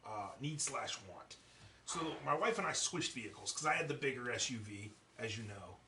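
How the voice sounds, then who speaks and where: A man hosting a podcast, telling a story in a casual, profane, animated way. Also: medium pitch, moderate pace. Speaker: podcast host. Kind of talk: casual chat. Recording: echoey room, distant mic.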